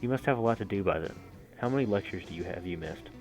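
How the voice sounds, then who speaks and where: A cheerful, smug young male student in a visual novel who teases his friend, read by a man in a slightly raised voice. The tone is low and bright-eyed, with faint music behind. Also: expressive, fast, rough recording. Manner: cheerful and teasing.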